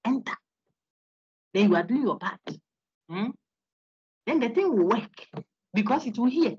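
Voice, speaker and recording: A woman's voice: a little high, a little slow, husky, no echo, highs cut off. A woman lecturer, giving an interactive online lecture, laughing often and quizzing her students. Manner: animated, laughs often, asks students questions. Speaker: university lecturer.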